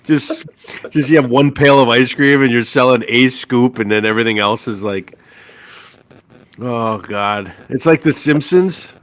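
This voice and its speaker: A man's voice: medium pitch, moderate pace, a bit bright. A man co-hosting a casual sports talk stream, a teasing, jokey storyteller. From Upper Midwest US. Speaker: podcast co-host.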